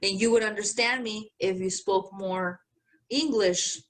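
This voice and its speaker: A woman's voice: mid-range voice, steady tone, normal speed. A woman from Mexico co-hosting a podcast, chatting casually, laughing often and swearing freely. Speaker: podcast co-host. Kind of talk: casual chat.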